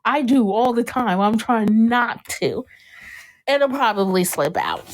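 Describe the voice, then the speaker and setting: A young adult woman hosting a casual podcast with her sister. She tells stories in an animated way, acts out bits of dialogue, and laughs often. Her voice sits somewhat high. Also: slow. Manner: animated storytelling, breaks into laughter, acts out scenes. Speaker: podcast host. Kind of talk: casual chat.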